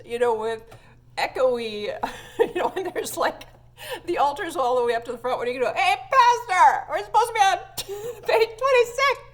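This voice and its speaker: A woman who plays organ in church, telling a funny story in a chatty way with lots of fillers and laughs. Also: sits high. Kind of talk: casual anecdote to viewers.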